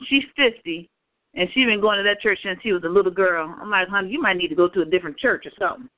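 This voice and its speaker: A woman co-hosting a casual chat, telling animated workplace stories and acting out what people said. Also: medium pitch, fast, no echo. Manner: animated storyteller, acts out quotes. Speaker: podcast co-host. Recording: tinny phone-line audio.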